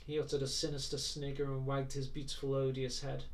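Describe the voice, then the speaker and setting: A man reading a novel aloud in a measured, even way. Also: mid-range voice, recorded from a distance. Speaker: audiobook reader.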